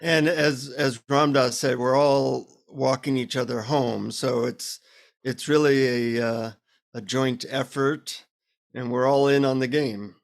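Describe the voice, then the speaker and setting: Male guest; lively anecdote teller, wry about himself, average pitch. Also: slow pace, vocal fry. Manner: animated, self-deprecating anecdote teller. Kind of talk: casual interview storytelling.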